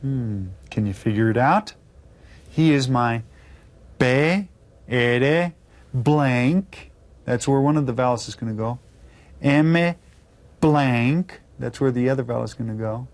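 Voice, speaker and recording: A man's voice: medium pitch, takes it slowly, pauses often. A man teaching a video Spanish lesson to children, patiently spelling words out letter by letter.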